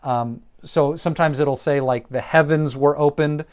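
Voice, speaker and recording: A man teaching Greek vocabulary in a lecture, repeating each word slowly and deliberately with frequent ums. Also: fairly high pitch, steady tone, clean tone.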